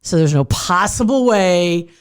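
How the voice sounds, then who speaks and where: A woman's voice: fairly low pitch, expressive, a little slow, smooth. A middle-aged woman with a Midwest American accent, co-hosting a podcast in a studio, chatty and laughing often. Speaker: podcast co-host. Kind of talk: casual chat.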